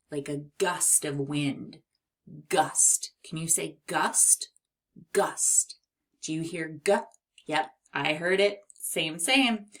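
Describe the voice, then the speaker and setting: A woman teaching young children a phonics lesson, speaking clearly and encouragingly. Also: deep voice, a bit bright. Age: adult.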